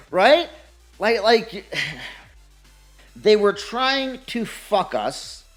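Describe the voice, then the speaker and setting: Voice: mid-range voice, very animated, extremely slow, soft background music. A gaming commentator ranting in a sarcastic, profane way, laughing often and mocking others in put-on voices. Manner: mocks opponents with put-on quoted voices.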